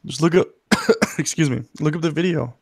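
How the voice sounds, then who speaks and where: A man's voice: fairly high pitch, normal speed, gravelly, slightly rough. A man on a podcast panel who is losing his voice, dropping short laughing remarks. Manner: brief, laughing interjections. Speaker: panel guest. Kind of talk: casual panel chat.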